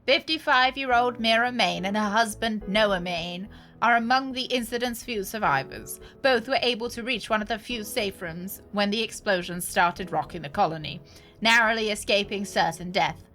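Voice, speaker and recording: A woman's voice: mid-range voice, sharp tone, faint music behind, lightly acted. A woman putting on a formal TV news anchor. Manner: measured, formal newsreading delivery. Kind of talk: reading a scripted news segment aloud.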